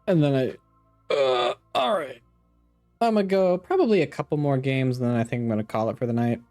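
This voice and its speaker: A man hosting his gaming stream in a casual, chatty and upbeat way, laughing easily between games. His voice sits at an ordinary middle pitch. Faint game music hums underneath. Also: lively intonation, moderate pace, pauses often, darkish tone. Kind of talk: casual chat while gaming.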